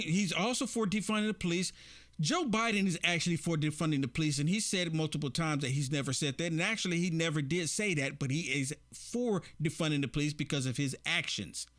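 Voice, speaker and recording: A man with a high voice hosts a commentary show and reacts to clips. He talks emphatically and keeps repeating rhetorical questions to his audience. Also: a bit bright. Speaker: political commentary host.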